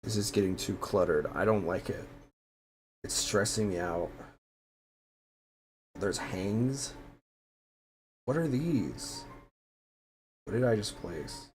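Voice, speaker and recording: A man's voice: on the low side, expressive, slow, long pauses, soft background music. A male streamer chatting casually to himself as he decorates a game room, with mumbled asides and mock-annoyed grumbling. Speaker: VTuber streamer.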